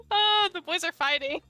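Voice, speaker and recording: A woman's voice: extremely high pitch, pushed and bright. A woman streamer playing a dating sim, reading it aloud and laughing often as she comments.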